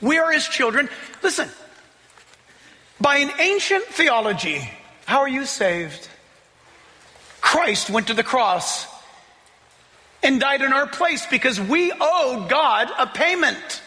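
Male preacher, lively and conversational, high and animated, with a long hall echo. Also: slow, long pauses. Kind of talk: sermon.

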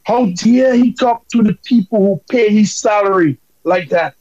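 A man's voice: high-pitched, a little slow, darkish tone, no room sound, dull audio. A man from Dominica calling in with impassioned, emphatic political commentary.

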